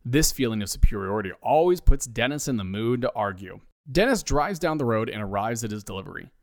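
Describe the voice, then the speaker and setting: Male comedy narrator, wry, lively, dry close sound. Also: mid-range voice, brisk, dry recording.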